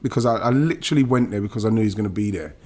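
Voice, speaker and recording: This former footballer from England, middle-aged, is interviewed on a podcast and tells a moving story from his own life. Pitched on the low side and speaking very fast, he gets animated, curses, and trips over himself restarting lines when emotion hits.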